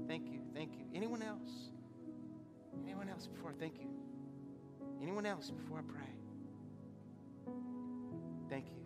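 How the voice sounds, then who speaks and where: A man preaching a sermon as pastor. He moves between hushed, intimate passages and loud, soaring climaxes, then leads an altar call. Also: fairly high pitch. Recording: reverberant hall, from a distance.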